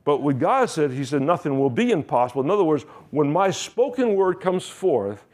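A man's voice: on the high side, big pitch swings, moderate pace, darkish tone. A man, a pastor, preaching a sermon with emphatic, repeated phrases and rising questions.

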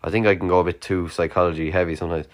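A man's voice: deep voice, little pitch movement, racing. A young Irish man hosting a solo podcast late at night, tired and yawning, rambling casually with lots of fillers and swearing. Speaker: podcast host.

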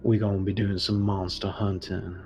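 A man voicing a middle-aged male town priest who addresses a crowd in a slow, measured preacher's manner. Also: on the low side, flat delivery, dark tone, faint music behind, natural voice. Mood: rallying.

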